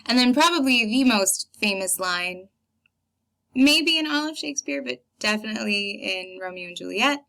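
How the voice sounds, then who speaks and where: A woman's voice: fairly high pitch, expressive, moderate pace, vocal fry, sharp tone. A young woman reading a classic play aloud and explaining it line by line in a casual, chatty way, with many fillers.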